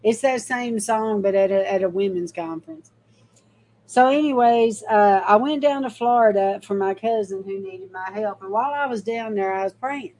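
A middle-aged mother shares a personal faith testimony, speaking straight to her viewers in a folksy, emphatic, storytelling way. Her voice is mid-range and a little mellow, at a moderate pace, on a low-quality recording with some hiss or hum.

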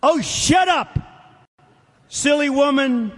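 A man's voice: very high-pitched, lively intonation, takes it slowly, a bit bright, full character voice. A man voicing a vicious, sly male snake with a singsong pleading refrain, heard with a long hall echo. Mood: mocking. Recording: long reverb of big hall.

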